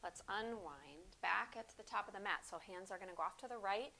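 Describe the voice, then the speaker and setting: A woman teaching a yoga class, calmly cueing breaths and poses at an unhurried pace. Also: mid-range voice, slight background noise. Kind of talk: guided yoga class instruction.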